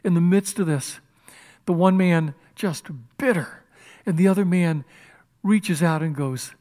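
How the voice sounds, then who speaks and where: Impassioned male preacher, rather high voice. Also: a little slow. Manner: impassioned, swings from loud emphasis to hushed whispers. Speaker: pastor. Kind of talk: sermon. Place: church.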